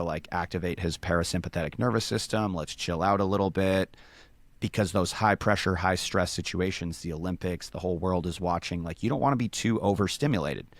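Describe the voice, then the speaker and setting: A man casually explaining sports science step by step, with many fillers. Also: low-pitched.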